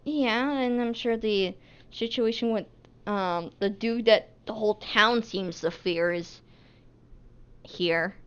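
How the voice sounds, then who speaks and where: A woman playing a character in a tabletop game, speaking in a hesitant, halting casual way. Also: mid-range voice, smooth. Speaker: player.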